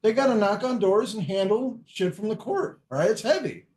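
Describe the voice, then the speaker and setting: A man telling profane, animated stories as a guest in a casual podcast chat. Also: high-pitched, normal speed. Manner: animated, profane, acts out quotes. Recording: echoey room.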